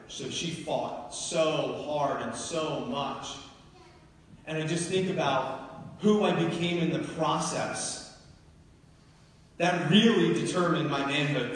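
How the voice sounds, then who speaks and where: A man from New Jersey giving a motivational keynote speech, telling personal stories emphatically to a live audience in a large university hall. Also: a little high. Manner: emphatic storytelling, building to urgent peaks. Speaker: keynote speaker. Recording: echoey hall, heard from far off.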